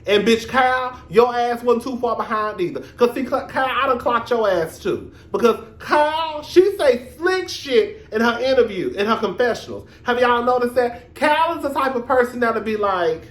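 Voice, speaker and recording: A man hosting his own reality TV review vlog, talking in a sassy, animated, profane gossip style with drawn-out emphasis. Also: very high-pitched, reverberant. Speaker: reality TV reviewer, show host. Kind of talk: casual commentary vlog.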